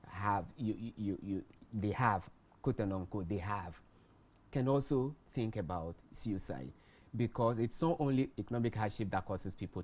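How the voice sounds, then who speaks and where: A man with a Ghanaian English accent, a guest explaining warning signs in a measured way, repeating key words for emphasis. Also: on the low side, a little mellow. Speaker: guest expert on mental health. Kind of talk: explanatory studio talk.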